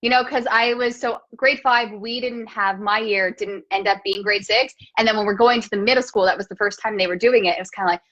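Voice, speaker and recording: A woman hosting a casual video-call chat, telling self-mocking stories in an animated way. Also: medium pitch, a little fast, hardly any pauses. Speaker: host. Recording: dull lo-fi call audio.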